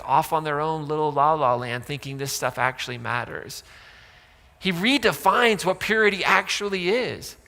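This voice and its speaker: Gravelly pastor preaching in a big hall. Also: male voice, fairly high pitch, sharp tone. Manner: conversational, joking, with many asides. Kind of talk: sermon. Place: church auditorium. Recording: long church reverb.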